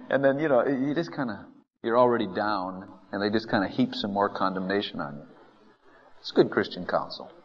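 Speaking at a moderate pace in a fairly low, expressive voice, a man delivers a conversational sermon to a congregation in a church hall. He acts out first-person complaints and chuckles frequently, and the lo-fi audio is dull with long hall reverb.

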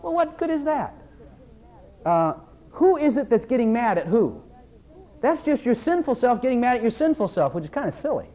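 A man preaching a sermon to his church, animated and repetitive, breaking into mocking voices for his listeners. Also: extremely high pitch, moderate pace. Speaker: pastor.

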